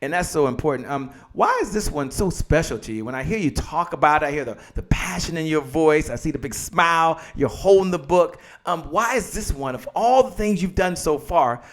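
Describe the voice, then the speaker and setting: A fired-up male host with a fairly high voice, talking like a motivational speaker. He pumps up his guest and viewers on a live video stream. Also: brisk, few pauses. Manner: energetic, motivational, hypes the audience. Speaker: show host interviewing an author.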